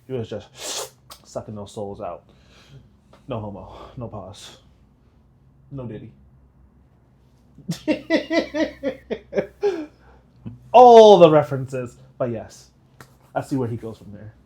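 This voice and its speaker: A man's voice: expressive, measured pace, long pauses, warm tone. Joking, rambling male reaction host. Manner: jokey, rambling, laughs in high bursts. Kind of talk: casual chat.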